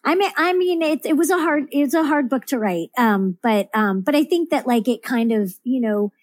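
A woman's voice: high-pitched, lively intonation, normal speed, dry recording. Chatty woman full of ums. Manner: rambling, many fillers and restarts. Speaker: guest, comics writer. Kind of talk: casual podcast interview.

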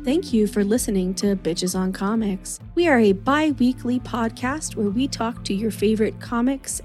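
A woman hosting a podcast, effusive and quick to laugh, thanking guests and listeners. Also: a little high, a little mellow. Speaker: podcast host. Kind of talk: casual podcast chat.

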